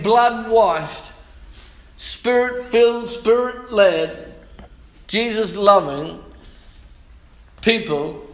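High-voiced preacher in echoey church. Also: male voice. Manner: lively preaching, calls for amens, reads scripture aloud. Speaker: pastor. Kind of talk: sermon. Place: church hall.

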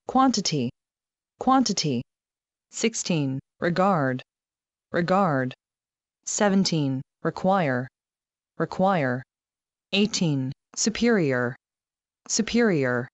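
A woman reading a numbered vocabulary list for a test, saying each word twice, evenly and deliberately. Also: low-pitched, no echo.

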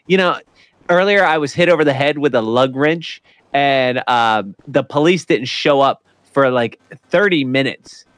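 A man's voice: medium pitch, measured pace, fairly bright tone, dry recording. A man talking in character during a game roleplay, earnest and polite, stammering and using overly formal phrasing.

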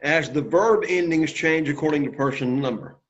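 A man lectures a classroom on Greek grammar, often checking in with students. His voice sits fairly high for a man, and he keeps it encouraging. The lo-fi classroom recording sounds dull and muffled. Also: fairly quick. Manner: encouraging, quizzes students, frequent "okay?" and "right?" checks. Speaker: Greek teacher.

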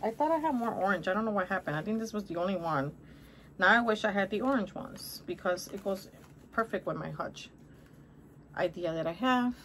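A middle-aged woman doing a casual haul video at home, her voice sitting at an ordinary middle pitch. She gushes and exclaims over every item and talks right to the viewers as guys and honey. A faint noise hums behind her. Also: lively intonation, a little fast, a bit bright. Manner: gushing, chatty, exclamatory. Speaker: haul vlogger. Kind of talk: casual shopping haul chat.

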